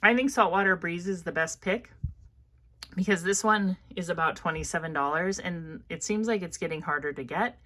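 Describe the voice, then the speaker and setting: A woman's voice: lowish voice, moderate pace, a bit bright. Chatty Midwestern woman reviewing perfumes. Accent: Midwestern American. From American Midwest. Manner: chatty, thinking aloud, lots of fillers. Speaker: fragrance reviewer. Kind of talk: casual product review.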